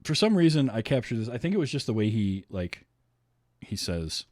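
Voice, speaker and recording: A man's voice: medium pitch, big pitch swings, moderate pace, darkish tone, no room sound, clean studio sound. A man hosting a podcast, chatting casually about a film with friends, laughing often and tossing in sarcastic asides. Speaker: podcast host. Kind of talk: casual chat.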